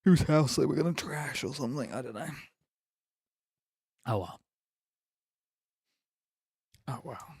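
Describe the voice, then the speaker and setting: A man's voice: medium pitch, lively intonation, slow, long pauses, a little mellow, husky, no echo, clean studio sound. Man rambling on a stream. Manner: rambling, laughing, teasing chat. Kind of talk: casual stream chat.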